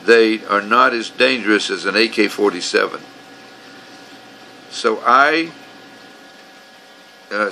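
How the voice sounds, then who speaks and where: A man's voice: on the low side, pushed and bright, a little hiss or hum, rough recording. A man telling his grievances in a rambling, profane, aggrieved way, as casual storytelling. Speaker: vlogger telling his own complaints.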